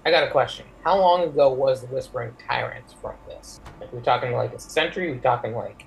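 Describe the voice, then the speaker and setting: A man's voice: mid-range voice, a little fast, vocal fry, poor audio. A man playing a tabletop game, asking the game master casual questions. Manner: asks questions with fillers and restarts. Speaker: player.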